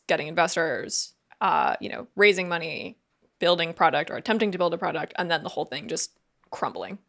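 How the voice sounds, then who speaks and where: A woman's voice: lowish voice, creaky, fairly bright tone. A woman co-hosting a casual podcast chat, upbeat and chatty, explaining with lots of fillers. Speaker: podcast co-host.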